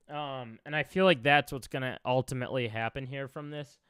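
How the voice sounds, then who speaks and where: Smooth-voiced young man streaming reactions. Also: medium pitch, steady tone, fairly quick, few pauses, fairly bright tone, no echo, clean studio sound. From Chicago. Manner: emotional, rambling with many fillers.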